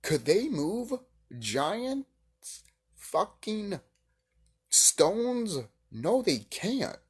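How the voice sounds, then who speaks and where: Husky, animated ranting man. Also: high voice, extremely slow. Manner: heated, profane, swings between shouting and hushed musing. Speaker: video creator reacting to a clip. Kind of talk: ranting reaction commentary.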